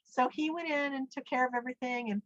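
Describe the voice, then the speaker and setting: A middle-aged woman telling a personal story in a lively way, acting out the voices she quotes. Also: sits high, fast talker, no echo. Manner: animated, acts out quoted speech. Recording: dull, dry lo-fi sound.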